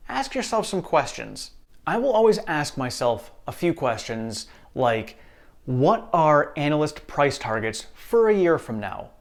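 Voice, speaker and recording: A man hosting an investing channel, talking viewers through their stock worries in an upbeat, reassuring way. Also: mid-range voice. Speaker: stock market channel host. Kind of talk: casual investing commentary.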